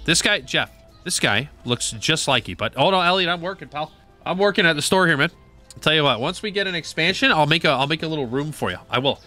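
A man talks through a shop game in a loose, offhand way, muttering numbers and swearing casually. His voice is bright and lively, rising and falling a lot. Faint music plays behind him. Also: on the high side, fast talker. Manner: chatty, mutters prices aloud, swears casually. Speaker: gaming channel host.

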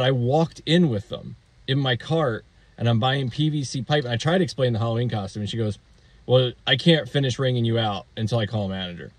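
A man with an ordinary mid-pitched voice spins a casual story, wandering and restarting with an amused edge. The sound is close and dry with no room around it. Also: no room sound. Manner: rambling, amused, with fillers and restarts. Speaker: DIY vlogger.

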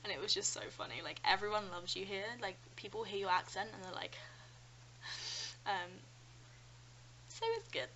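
A woman's voice: mid-range voice, moderate pace, pauses often, a little hiss or hum, rough recording. A nineteen-year-old woman from London with a British accent, chatting casually in a vlog and telling stories with lots of "like" and "um". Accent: British English. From London, England. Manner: chatty, animated storytelling with frequent "like" and "um". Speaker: vlogger. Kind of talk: casual chat.

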